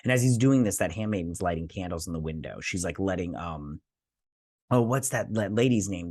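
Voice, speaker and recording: A man's voice: low voice, animated, moderate pace, a little mellow, no room sound, studio quality. A man hosting a TV review channel, talking casually to his viewers with lots of fillers and self-corrections. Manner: chatty, addresses viewers directly. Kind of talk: casual spoken episode review.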